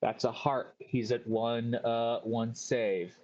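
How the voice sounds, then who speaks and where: A man's voice: medium pitch, level tone, takes it slowly, a little mellow, muffled recording. A man running a tabletop game as game master, checking rolls and describing the scene.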